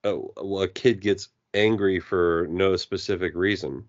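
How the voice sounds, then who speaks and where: A man's voice: sits low, fairly even intonation, a little slow, dry recording. A man co-hosting a podcast, telling rambling stories in casual chat and swearing freely. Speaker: podcast co-host. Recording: dull lo-fi podcast audio.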